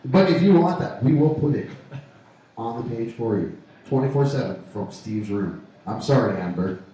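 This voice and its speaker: A man's voice: medium pitch, dark tone. A man co-hosting a casual radio show, joking and laughing often. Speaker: co-host of a pub radio show. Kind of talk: casual banter. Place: pub. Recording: echoey pub room from far off. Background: faint room noise.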